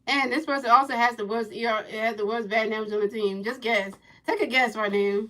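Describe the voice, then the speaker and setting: A woman livestreaming a baseball video game, giving playful play-by-play commentary, teasing her chat with repeated questions and sing-song pitch calls. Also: steady tone, brisk, pushed and bright, rough recording. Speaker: gaming livestreamer.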